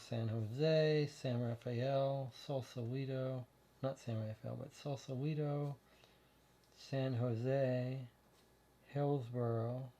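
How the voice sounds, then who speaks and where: A man talks through a detective game at a relaxed pace. His voice is mellow and unhurried as he thinks aloud and reads place names and clues from the screen. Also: mid-range voice. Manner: thinking aloud, reading case text. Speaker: game player reading aloud. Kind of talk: casual let's-play commentary and reading.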